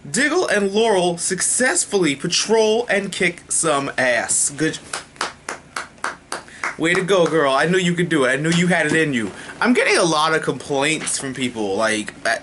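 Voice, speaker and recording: A man riffs through a casual TV episode review with a tense, forceful edge to his voice. He gets excitable, swears often and trips over his own restarts. His voice sits a touch higher than most men's. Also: slight background noise. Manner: excitable, swears freely, talks fast with restarts.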